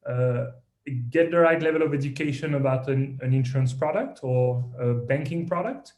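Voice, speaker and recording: A man from France with a French accent, talking as a company founder in a podcast interview, lively and self-deprecating with frequent restarts. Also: mid-range voice, normal speed, echoey room.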